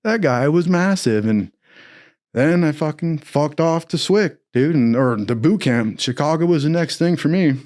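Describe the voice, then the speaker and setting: A young man from Southern California tells a long personal story at a moderate pace, his voice on the high side. He's casual, profane and animated, swearing often and acting out the quotes of the people in it in their voices.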